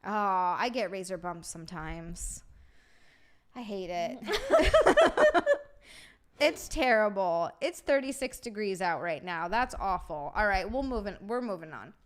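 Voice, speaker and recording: A woman hosting a casual comedy livestream, excitable and swearing as she reads super chats aloud and laughs a lot. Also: medium pitch, measured pace. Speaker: streamer and podcast host.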